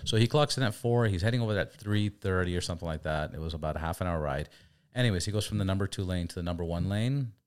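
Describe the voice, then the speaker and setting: A man's voice: sits low, fast talker, darkish tone. A man hosting a casual chat, telling stories animatedly with swearing and acted-out quotes. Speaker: podcast host.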